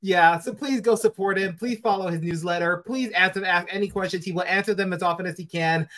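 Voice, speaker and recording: A man's voice: high voice, fairly even intonation, fairly quick, fairly bright tone. A young man hosting a podcast interview, eager, gushing and apologetic, wrapping up with his audience. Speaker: podcast host.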